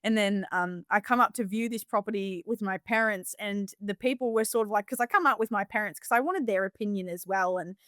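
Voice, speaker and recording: A woman's voice: medium pitch, brisk, hardly any pauses, fairly bright tone, no room sound, studio quality. A woman in her twenties with an Australian accent, telling her story as a podcast guest in blunt, casual talk full of swearing and acted-out quotes. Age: 20s. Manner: blunt, swears freely, acts out others' voices. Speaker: guest farmer.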